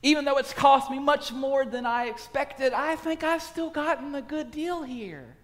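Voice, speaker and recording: A man voicing an excitable, greedy jeweler who gushes and pleads. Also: very high-pitched, a little slow, voice pushed up. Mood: eager. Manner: gushing, breathless and pleading. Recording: long hall reverb.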